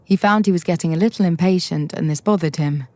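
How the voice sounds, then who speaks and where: A woman reading a short story aloud in a measured, steady narration. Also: on the low side, no echo. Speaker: audiobook reader.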